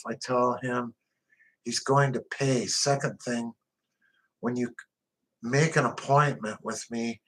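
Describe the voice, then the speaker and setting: A man tells a crime memoir in the first person, speaking slowly and deliberately. His delivery is blunt and profane, with a tough-guy edge, at a middle pitch. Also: a bit bright, poor audio. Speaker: narrator.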